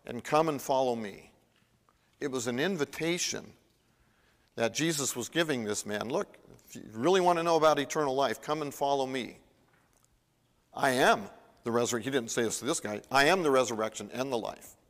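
A man's voice: medium pitch, lively intonation, moderate pace, fairly bright tone. A man preaching a sermon in a conversational way, acting out the Bible dialogue as he retells it. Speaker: pastor. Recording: long reverb of a large hall.

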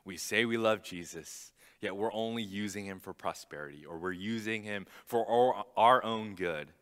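A young man delivers a sermon in a bright, forceful voice. He is earnest and emphatic and hammers home his points by repeating them. His voice rings with the long reverb of a large hall. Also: lowish voice, normal speed. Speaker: preacher.

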